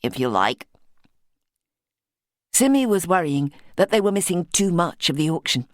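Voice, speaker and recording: Low-voiced woman audiobook narrator. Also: expressive, fairly quick, no echo, clean studio sound. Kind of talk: scripted narration.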